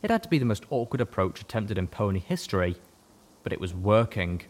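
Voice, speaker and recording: Low-voiced man narrating a story. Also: brisk. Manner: steady storytelling. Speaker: audiobook narrator. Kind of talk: first-person audiobook narration.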